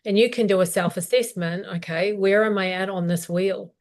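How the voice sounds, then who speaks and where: A woman co-hosting a business live stream, practical and steady, asking questions aloud as she explains. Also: medium pitch, normal speed.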